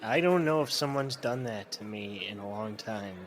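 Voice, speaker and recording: A man's voice: on the low side, moderate pace, background noise. Man tossing in dry jokes. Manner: dry, joking interjections, laughs often. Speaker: podcast co-host. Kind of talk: casual chat.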